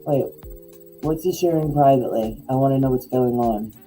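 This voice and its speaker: A woman's voice: very deep voice, normal speed, mellow, faint music behind, poor audio. A middle-aged woman co-hosting a podcast in casual chat, rambling with lots of likes and restarts. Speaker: podcast co-host.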